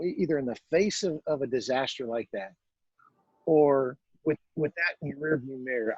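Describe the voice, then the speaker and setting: A man's voice: a little high, husky, no echo, highs cut off. A man hosting an interview podcast, talking in a thoughtful way and repeating words as he searches for them. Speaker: podcast host. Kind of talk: reflective interview chat.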